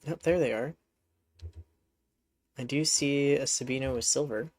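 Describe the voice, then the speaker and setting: A man's voice: mid-range voice, a little slow, no room sound. A man streaming a horse game, talking casually to his horses in a rambling, chatty way, with a congested voice. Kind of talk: casual gameplay commentary.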